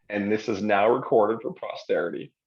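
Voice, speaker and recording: A man co-hosting a live software Q&A show, chatting casually and rambling, with self-deprecating asides. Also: lowish voice. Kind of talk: casual conversational livestream chat. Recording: slightly dull lo-fi stream audio.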